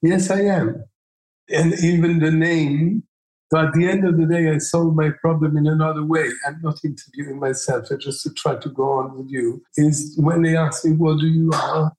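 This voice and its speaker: An older man whose first language is Italian, with a gravelly, creaky voice. He speaks in a flat, level tone that barely rises or falls. He meanders through his thoughts in a casual podcast interview, often searching for words. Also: on the high side, normal speed, poor audio. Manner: rambling, searching for words, mixing in French.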